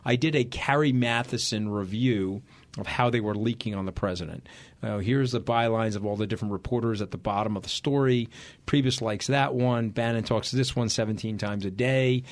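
A middle-aged man from New York with a New York accent, a podcast guest telling stories in a blunt, emphatic, rapid-fire way. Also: on the low side. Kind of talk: casual interview storytelling.

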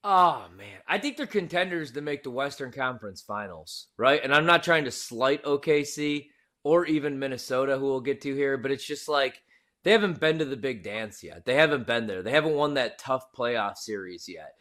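A man's voice: medium pitch, animated, normal speed, bright, forceful tone. A man co-hosting a sports betting talk show, giving emphatic, opinionated takes in laid-back slang.

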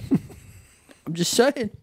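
A man's voice: very slow, no echo. A young man co-hosting a podcast, bantering playfully and giggling often. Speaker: podcast co-host. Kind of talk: casual chat.

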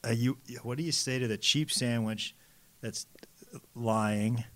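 A man's voice: mid-range voice, unhurried, a bit bright, no room sound. A man co-hosting a word podcast in casual chat, dry and teasing as he grades his partner's jokes. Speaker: podcast co-host.

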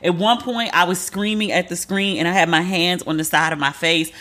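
Woman, 40s, solo podcast host, animated and chatty, acts out quotes. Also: lowish voice, brisk. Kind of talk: casual solo commentary.

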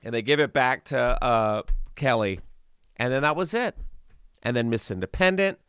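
A man hosting a podcast, telling animated stories with playful asides in casual chat. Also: mid-range voice, normal speed, clear, resonant tone, dry recording, studio quality, soft background music. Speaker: podcast host.

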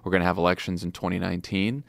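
A man's voice: deep voice, fairly even intonation, racing, vocal fry, no room sound. A man hosting a podcast, talking in an earnest, encouraging, conversational way. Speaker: podcast host. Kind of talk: casual political chat.

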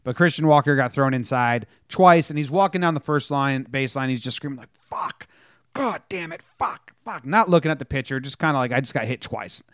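Animated man telling sports stories. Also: mid-range voice, fast, few pauses, clear, resonant tone, no echo, clean studio sound. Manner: animated storytelling, acts out players' lines. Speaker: podcast co-host. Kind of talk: casual sports chat.

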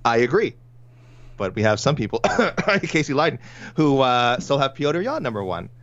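A man's voice: medium pitch, big pitch swings, fairly bright tone, highs cut off. A Canadian man co-hosting a casual sports podcast, rambling and often correcting himself mid-sentence. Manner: quick, rambling, self-correcting. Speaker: podcast co-host.

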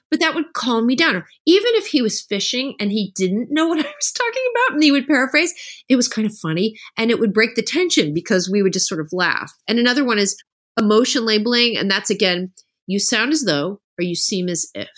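A woman's voice: mid-range voice, fast talker. A middle-aged woman, an author guest on an interview podcast, talking casually and acting out the voices she quotes. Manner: animated storyteller, acts out quoted voices.

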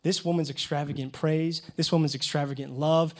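Male youth pastor, slightly high voice, heartfelt sermon delivery that swells loud at key points. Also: moderate pace, hardly any pauses. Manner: earnest, emotional storytelling with sudden loud rises. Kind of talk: preaching a sermon.

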